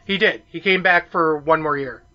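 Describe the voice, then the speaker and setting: A man's voice: a little high, normal speed, dull audio. A man co-hosting a wrestling podcast who explains backstory casually, swearing now and then. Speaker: podcast co-host. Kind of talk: casual chat watching wrestling.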